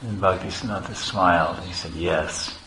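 Low-voiced male preacher telling a story. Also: moderate pace, echoey room, slight background noise, low-quality recording. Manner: relaxed storytelling with chuckles and repetitions. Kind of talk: sermon storytelling.

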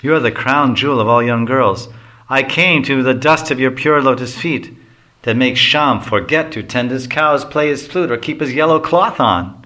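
A man's voice: mid-range voice, moderate pace, sharp tone, natural voice. A man voicing a boastful, hungry young male Brahmin jester who whines and pleads indignantly.

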